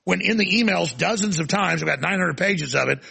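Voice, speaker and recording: A male talk show host ranting forcefully through a heated interview. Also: high-pitched, fairly quick, creaky, slightly rough.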